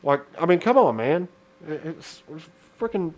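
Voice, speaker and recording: A man's voice: a little high, very animated, normal speed, a little hiss or hum. A man co-hosting a casual political chat show, rambling and sarcastic, often restarting his sentences. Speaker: podcast co-host.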